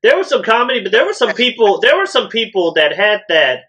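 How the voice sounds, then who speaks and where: A man co-hosting a wrestling podcast in a casual, ranting style, laughing often and jumping into loud impressions. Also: high voice, big pitch swings, fairly quick, breathy edge, rough recording. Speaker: podcast co-host. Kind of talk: casual wrestling recap chat.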